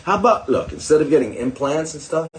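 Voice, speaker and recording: A man's voice: fairly high pitch, big pitch swings, a little fast, slight background noise, rough recording. An older man, a doctor hosting a live stream, talking in a digressive, sarcastic way with mocking asides to his viewers. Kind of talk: rambling live-stream talk.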